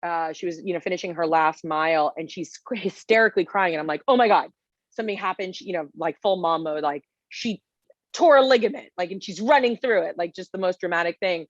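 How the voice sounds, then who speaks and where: A woman's voice: lowish voice, brisk, dry recording, dull audio. A woman in her forties, a guest chef, telling stories in a casual interview with lots of fillers. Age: 40s. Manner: animated storytelling with many fillers.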